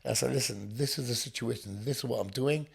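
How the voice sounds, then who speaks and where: A man's voice: medium pitch, fast talker, vocal fry, husky. A man from England, a podcast guest, telling his story bluntly, swearing often and acting out what people said. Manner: blunt, swearing, acts out dialogue. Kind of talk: storytelling interview.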